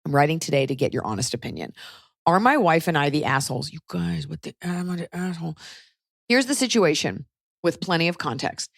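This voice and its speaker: A young adult woman hosting a podcast, reading a listener's letter aloud with animated, comic asides. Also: deep voice, fairly quick, vocal fry, dry recording, clean studio sound. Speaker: podcast host.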